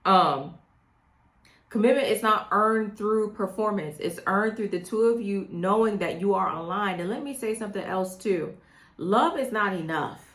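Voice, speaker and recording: A woman's voice: mid-range voice, normal speed, a bit bright. A middle-aged woman coaching women on dating in a direct, emphatic way, often checking in with "okay?". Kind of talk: direct advice monologue. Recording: echoey room.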